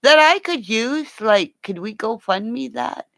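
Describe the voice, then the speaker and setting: A woman's voice: a little high, expressive, slow, creaky, fairly bright tone, dry recording. An older woman signing off a livestream from home on her computer, rambling and joking crudely. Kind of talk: casual livestream sign-off chat. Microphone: computer mic.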